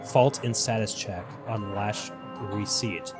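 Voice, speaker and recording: A man voicing a corrupted, broken-minded creature in a video game that speaks in halting, disjointed fragments. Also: on the low side, music in the background. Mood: mournful cryptic.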